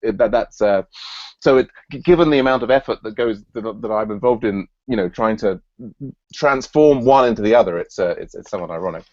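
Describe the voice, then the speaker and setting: A man's voice: on the low side, brisk, darkish tone, no echo, muffled recording. A man hosting an online work meeting, thinking aloud with frequent restarts and fillers. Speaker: meeting host. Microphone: video call.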